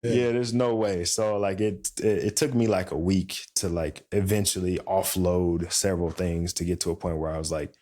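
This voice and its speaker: Deep-voiced man telling a story. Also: normal speed, hardly any pauses. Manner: animated storytelling, acts out quoted voices. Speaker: podcast co-host. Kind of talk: casual chat.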